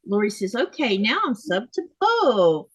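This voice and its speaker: A woman's voice: mid-range voice, very animated, slow, slightly rough, no room sound, rough recording. A woman hosting a live sewing stream, tired and yawning, chatting casually as she reads viewer comments aloud and answers them.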